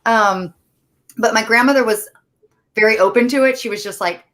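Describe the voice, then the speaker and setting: A woman's voice: mid-range voice, normal speed, fairly bright tone. A woman co-hosting a podcast, chatting casually and quoting people as she goes. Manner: chatty, many fillers and quoted asides. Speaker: podcast co-host. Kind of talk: casual chat.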